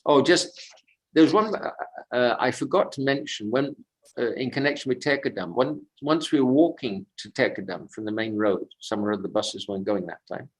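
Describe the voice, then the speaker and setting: A man speaks in a mid-range voice, telling devotional stories at a sacred lake on a pilgrimage walk. His delivery is unhurried and reflective. He drifts easily between personal anecdote and quiet commentary. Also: mid-range voice, animated, rough recording. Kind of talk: devotional storytelling talk.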